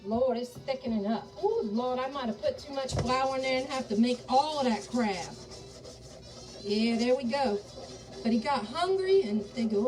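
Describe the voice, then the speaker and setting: A chatty woman with a Southern American accent, somewhat high-voiced, talks her viewers through a recipe at the stove as y'all. She sounds a little away from the camera's mic, with faint music playing underneath. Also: expressive, moderate pace, recorded from a distance, poor audio. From Charleston, South Carolina. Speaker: cooking show host. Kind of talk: live cooking demonstration.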